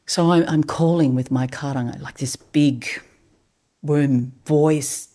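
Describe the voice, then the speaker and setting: A middle-aged woman, a guest on a podcast and a vocalist, telling a story in a soft, hushed, often breathy way. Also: low voice, fairly even intonation, slow. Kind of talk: reflective storytelling.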